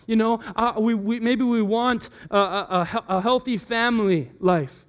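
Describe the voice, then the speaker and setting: Pastor, male, 30s, high light voice, animated storyteller who acts out his kids' voices. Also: normal speed. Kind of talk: sermon with personal story.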